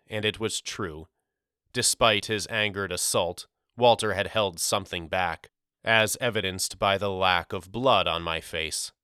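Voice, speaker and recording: Male narrator, lowish pitch, bright tone, measured storytelling, dry studio sound. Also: clean tone, no room sound. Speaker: audiobook narrator. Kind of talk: scripted narration.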